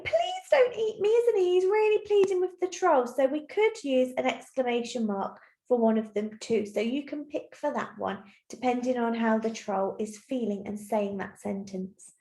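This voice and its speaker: A woman teacher giving a recorded lesson to young children, explaining clearly and patiently step by step. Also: high voice, a little mellow. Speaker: primary school teacher. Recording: roomy echo.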